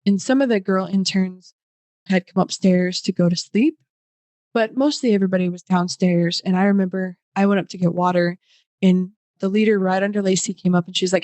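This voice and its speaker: A young woman guest on a podcast, telling a personal story in an animated way, full of fillers and acted-out quotes. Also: mid-range voice, a little fast, no echo. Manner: animated, acts out quoted voices; many fillers like "like".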